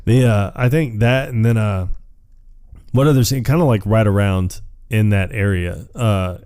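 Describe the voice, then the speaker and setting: A man's voice: lowish voice, unhurried, a little mellow, smooth. Laughing man recapping a movie. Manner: rambling, laughs often, acts out quotes. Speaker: podcast host. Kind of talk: casual movie recap chat.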